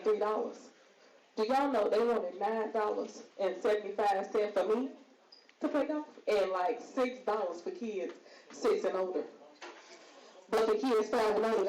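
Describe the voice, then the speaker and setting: At an open mic, a woman performs brash, profane stand-up, teasing the crowd and laughing through her own jokes. Her voice is medium-pitched, with slight background noise, a loud crowd, and an echoey room.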